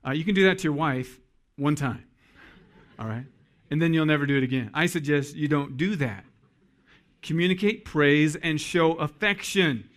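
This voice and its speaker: Man, pastor, sermon, folksy, jokey, slightly higher voice, talks straight to the men. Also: moderate pace.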